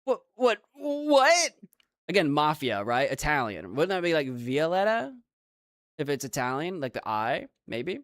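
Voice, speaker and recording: Animated man giving let's-play commentary. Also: a little high, measured pace, no echo, clean studio sound. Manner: animated, joking, reads dialogue aloud. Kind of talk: casual gameplay commentary.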